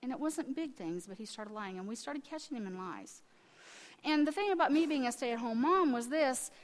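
A woman's voice: high-pitched, animated, normal speed. A middle-aged woman preaching a sermon, telling stories animatedly and acting out the people in them, with frequent restarts. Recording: long reverb of a large hall.

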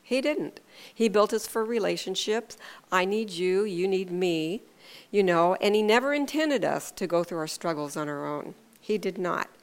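A woman giving an informal devotional sermon, talking earnestly and conversationally, with hesitant restarts and lively storytelling. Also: on the low side, moderate pace. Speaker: devotional speaker.

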